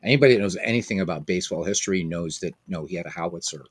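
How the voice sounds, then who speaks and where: A man with a low voice hosts a casual stream of a baseball simulation game. He rambles in a chatty way, piling up ums and restarts as he talks to his viewers. The sound is dry and close, with no room echo. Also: rapid-fire, breathy edge.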